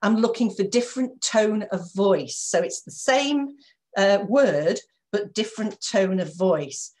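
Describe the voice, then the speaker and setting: Warm-up trainer type: woman, mid pitch, upbeat and encouraging, video call sound. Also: measured pace. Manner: lively, encouraging, checks in with listeners. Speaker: corporate trainer. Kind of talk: live online training session.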